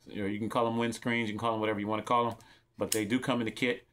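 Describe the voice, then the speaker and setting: A man's voice: on the low side, flat delivery, racing, fairly bright tone. A middle-aged man from California who runs his own channel, casually showing off cheap microphone gear and giving tips in a rambling, repetitive way, talking straight to his viewers. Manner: rambling, repeats himself, talks straight to viewers. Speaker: vlogger reviewing gear. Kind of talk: casual show-and-tell demo.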